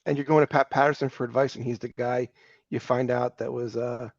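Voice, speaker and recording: A male interviewer asking quick, casual questions and laughing along with his guest. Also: mid-range voice, fairly even intonation, darkish tone, highs cut off. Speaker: interviewer, host.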